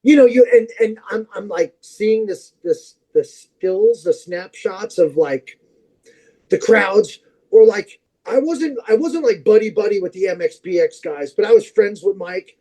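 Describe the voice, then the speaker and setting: A man who is a podcast guest, telling long, animated anecdotes in casual chat, with plenty of fillers and restarts. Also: high-pitched, a little slow, rough recording.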